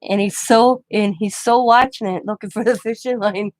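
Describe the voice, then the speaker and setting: A woman of ordinary pitch chats away about her day, laughing often between phrases as she retells back-and-forth conversations. She records at home in her craft room, and her voice comes across dry and close, with little room sound. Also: steady tone, normal speed, a little mellow, no echo, low-quality recording. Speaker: craft vlogger. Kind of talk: casual storytelling chat.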